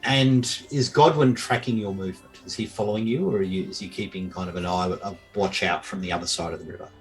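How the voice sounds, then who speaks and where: Deep-voiced man narrating a game. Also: steady tone, faint music behind, rough recording. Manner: halting, many restarts and fillers. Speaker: game master. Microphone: online call mic.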